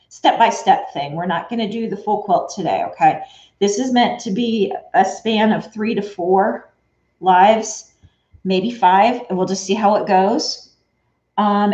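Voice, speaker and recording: A woman's voice: mid-range voice, darkish tone. A woman hosting a casual quilting livestream, chatty and laughing often as she greets viewers by name. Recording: echoey room, dull lo-fi sound.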